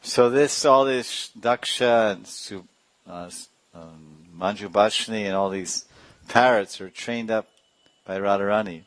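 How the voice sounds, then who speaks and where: Male spiritual teacher, low-pitched, lively storyteller, dry close mic. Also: a little slow, dry recording. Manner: animated storyteller with sound effects and asides. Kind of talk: devotional storytelling class.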